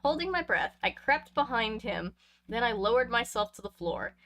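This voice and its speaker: Bright-voiced woman reading a book aloud. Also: fairly high pitch, big pitch swings, normal speed. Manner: chatty asides between read passages, laughs easily. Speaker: reader of a book.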